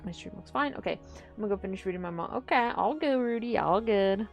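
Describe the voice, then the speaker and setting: A young woman streaming from home, chatting casually to her viewers and often trailing off into low mumbled asides. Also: lively intonation, fairly quick, soft background music. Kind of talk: casual live-stream chat.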